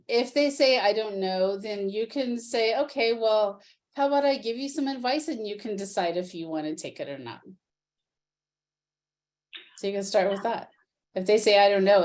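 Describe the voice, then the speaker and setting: A woman parenting coach answering questions in a calm, earnest way, acting out parents and teens in quick quotes. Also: medium pitch. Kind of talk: interview answers.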